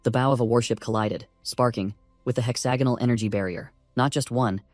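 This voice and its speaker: A man narrating a story recap in an even, steady reading at a middle pitch. The voice is dry and close to the mic, with faint music playing underneath. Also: brisk, no room sound.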